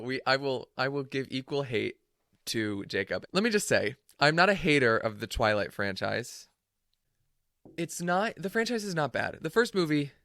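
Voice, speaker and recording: A man hosts a podcast in a loose, casual chat, playful and quick to poke fun at himself and his guest. His voice sits at a middling pitch for a man. The recording is dry, close and free of room sound. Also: fairly bright tone, no echo. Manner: playful, self-mocking, teasing. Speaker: podcast host.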